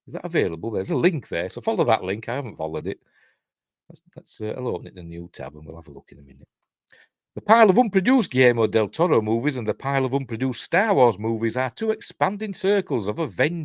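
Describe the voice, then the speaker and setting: A man's voice: medium pitch, no room sound, studio quality. A middle-aged man with a Yorkshire accent, hosting a live news stream in rambling, self-correcting casual commentary. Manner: rambling, self-correcting, chuckles at his own jokes.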